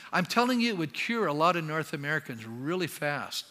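A man's voice: fairly high pitch, sing-song, fairly quick, bright, forceful tone. An older man preaching a sermon as pastor, talking conversationally and often asking the congregation questions. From Canada. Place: church sanctuary. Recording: long hall reverb.

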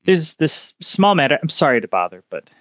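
A man's voice: a little high, very animated, moderate pace, fairly bright tone, no echo. A nervous, apologetic shop clerk stammers his way through bad news, as a man voices him. The figure is hesitant and fussy, part of a tabletop game. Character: flustered nervous male clerk.

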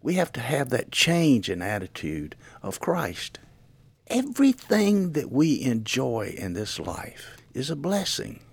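A man's voice: medium pitch, huge pitch swings, slow, vocal fry, slightly rough, dry recording. A man co-hosting a devotional discussion, speaking in a reflective, preaching tone. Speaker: podcast co-host.

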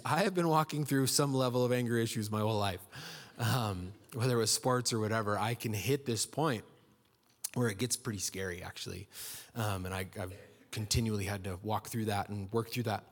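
A man's voice: mid-range voice, normal speed, a bit bright. A man preaching a sermon in a conversational, storytelling way, acting out quotes in his stories. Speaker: pastor.

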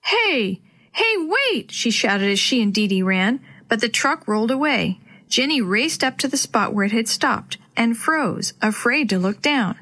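A woman's voice: on the high side, moderate pace, fairly bright tone. Woman reading a children's story aloud.

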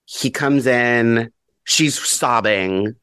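A man talking as a podcast guest in a casual book discussion, animated, bluntly swearing and acting out quoted lines with big jumps in pitch. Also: drawn-out words, clean tone, dry recording.

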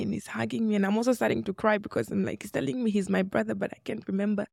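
This woman from Congo, in her twenties, speaks fast with vocal fry and fairly even intonation in a mid-range voice. She's an interview guest earnestly recounting her life, voicing remembered conversations, captured in clean studio sound without echo.

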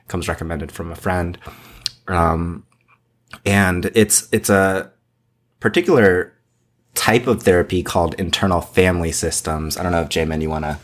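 A man's voice: low-pitched, fairly even intonation, normal speed. A man co-hosting a podcast, speaking casually and thoughtfully, searching for the right words. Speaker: podcast co-host.

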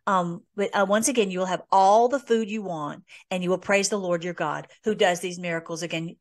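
A woman's voice: fairly low pitch, steady tone, a little fast. A woman hosting a conversational Bible teaching, reading scripture aloud and commenting earnestly with many fillers. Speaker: host.

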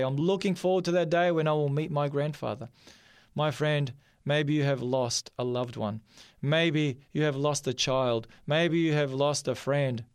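An Australian man delivers a radio sermon in an earnest, heartfelt way, repeating phrases and going quiet on solemn words. His voice is smooth and resonant at a middle pitch, recorded close and dry. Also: dry recording. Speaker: preacher. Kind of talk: radio sermon with personal story and prayer.

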